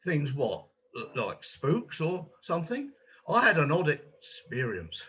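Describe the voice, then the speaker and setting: A man's voice: on the high side, huge pitch swings, measured pace, bright, forceful tone, highs cut off, a little hiss or hum, full character voice. A man playing an anxious, kind-hearted volunteer gallery guide who hesitates and stumbles over his words, in an amateur stage drama. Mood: eager.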